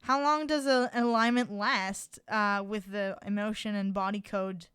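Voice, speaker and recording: A woman's voice: mid-range voice, steady tone, moderate pace, fairly bright tone, clear, resonant tone, dry recording, clean studio sound. A woman interviewing a guest, asking questions with hesitant fillers as she works them out. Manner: hesitant, uses fillers while forming questions.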